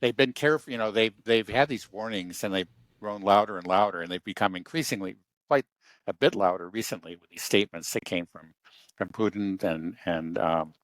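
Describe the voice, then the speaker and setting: Deep-voiced man, halting and hesitant. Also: no room sound. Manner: halting, many restarts and fillers. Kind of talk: casual political discussion.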